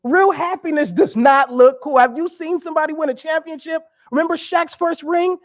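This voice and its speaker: High-voiced man preaching with humor. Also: normal speed. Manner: conversational, joking, emphatic preaching. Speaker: guest speaker. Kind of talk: sermon.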